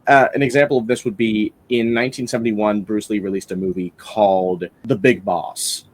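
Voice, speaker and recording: A man's voice: on the low side, fairly even intonation, normal speed. A man hosting a casual film-review podcast, rambling enthusiastically with lots of fillers and restarts.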